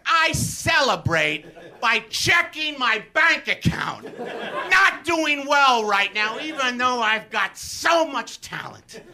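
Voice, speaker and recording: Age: adult. Sex: man. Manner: loud, profane ranting comedian with a very high, bright voice. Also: sing-song, slow pace. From Brooklyn, New York. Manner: loud, profane, self-mocking ranting, often shouting. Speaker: guest comedian. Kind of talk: live comedy podcast rant. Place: comedy theatre stage before an audience. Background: audience laughter.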